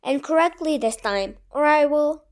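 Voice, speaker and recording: A woman's voice: high voice, animated, moderate pace. A woman reading the lines of a grim, scheming male villain in a storybook audiobook, insistent and threatening. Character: scheming villainous grown man, menacing.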